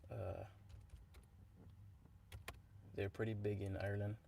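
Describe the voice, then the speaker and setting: A man's voice: fairly low pitch, little pitch movement, brisk, creaky, mellow, a little hiss or hum. A man, a singer-songwriter, chatting casually and jokingly with his livestream viewers, with lots of hesitations and fillers. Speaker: singer-songwriter streaming live. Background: guitar playing.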